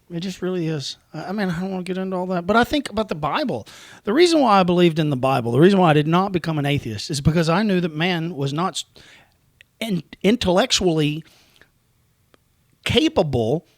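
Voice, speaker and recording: Higher-voiced Southern man, dry sound. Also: sing-song, a little fast, no echo. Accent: rural Southern American. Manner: reflective, rambling, laughs easily. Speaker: podcast host. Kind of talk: casual conversation.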